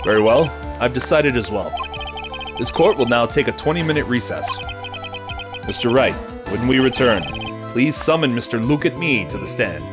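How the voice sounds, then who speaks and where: A streamer voicing a stern older male judge in a lowered, measured tone. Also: expressive, natural voice. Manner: measured, lowered formal delivery. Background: game music.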